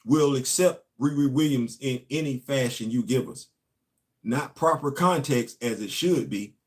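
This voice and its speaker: A man's voice: medium pitch, measured pace. A man, a show host and former Marine, telling a long casual story and asking his listeners rhetorical questions.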